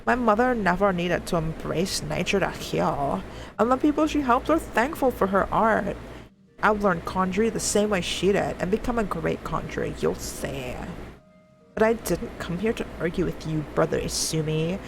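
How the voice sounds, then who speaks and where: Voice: mid-range voice, lively intonation, normal speed, gravelly, over music, rough recording. A streamer voicing a snooty young female conjurer apprentice with a haughty accent, reading video game dialogue aloud. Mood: defiant.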